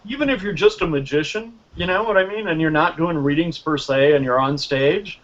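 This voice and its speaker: A man talking as a guest in a casual group chat, lively and acting out the scenes he recounts. His voice sits a little high. The recording is slightly dull and muffled. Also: a little fast. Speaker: guest magician.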